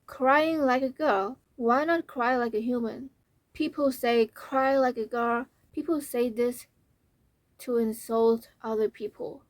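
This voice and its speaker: A young woman vlogger talking to camera, earnest and emphatic, repeating her points, her voice slightly hoarse and fading. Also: a little high, fairly even intonation, a little slow, no room sound. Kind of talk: talking to camera, reading out comments.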